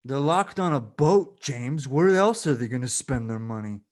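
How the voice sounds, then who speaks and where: A man's voice: mid-range voice, expressive, normal speed, darkish tone, close to an everyday voice. A man playing a boastful, lovesick captain who runs a casino on a cruise ship, talking brashly and calling people brother. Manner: brash, calls people brother, swings into mopey sulking. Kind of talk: improvised comedy character.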